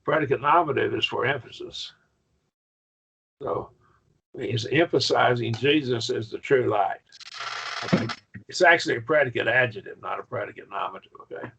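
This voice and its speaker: A man's voice: mid-range voice, moderate pace, creaky, pauses often, fairly bright tone, slight background noise. A man teaching a college-level Greek Bible class, explaining step by step with enthusiasm. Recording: muffled lo-fi class recording.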